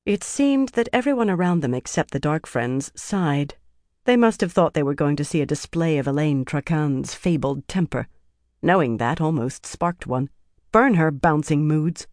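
Audiobook narrator, fantasy reading, measured, mid pitch, dry close mic. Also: lively intonation, a little mellow, no room sound.

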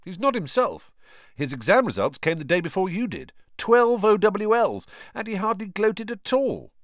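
A man's voice: sits high, very animated, normal speed, dry recording, clean studio sound, voice pushed up. A man voicing a cheeky, teasing teenage boy wizard. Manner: teasing, cocky.

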